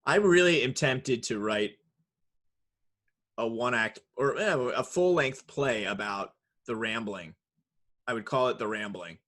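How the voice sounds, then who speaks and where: A man's voice: mid-range voice, expressive, unhurried, a bit bright. Joking male podcast co-host. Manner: joking, riffs in silly put-on voices. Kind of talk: casual chat.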